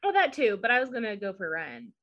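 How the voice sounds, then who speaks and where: A woman's voice: medium pitch, fast, dull audio. Chatty woman from the US South. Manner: chatty and animated, laughs often, leans on "like" and "um". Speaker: podcast co-host. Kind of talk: casual chat, recapping a TV show.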